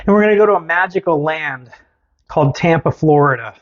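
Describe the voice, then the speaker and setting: A man's voice: a little high, brisk, dull audio. Man spinning a playful story. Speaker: podcast host. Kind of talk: casual storytelling chat.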